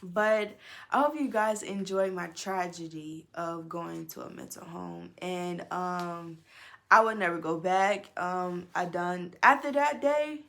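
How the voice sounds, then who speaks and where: A young woman tells a personal story to camera in a loose, animated storytime vlog. She swears freely and keeps talking straight to her viewers. She is recorded indoors on a camera microphone. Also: lowish voice, takes it slowly, creaky. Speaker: vlogger.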